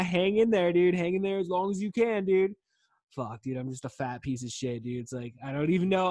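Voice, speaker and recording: Podcast host in his thirties, slightly higher voice, stoned and loose, swears a lot, dry close sound. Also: no room sound. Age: 30s. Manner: laid-back, profane, says "dude" constantly. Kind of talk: rambling casual monologue.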